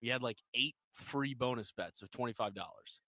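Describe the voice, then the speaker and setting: A man's voice: mid-range voice, moderate pace, no echo, studio quality. A man co-hosting a sports radio show, telling stories with energy and acting out what his friends said. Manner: energetic storyteller, acts out friends' lines. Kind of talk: casual on-air storytelling.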